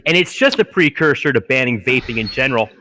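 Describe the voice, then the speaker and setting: Bright-voiced man ranting profanely. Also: medium pitch, expressive, fast. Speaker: podcast host. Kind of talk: casual chat.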